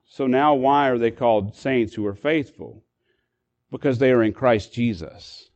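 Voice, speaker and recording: A man's voice: mid-range voice, measured pace, darkish tone, muffled recording. A man preaching as a pastor, explaining a passage with frequent restarts and repeated words. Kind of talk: sermon.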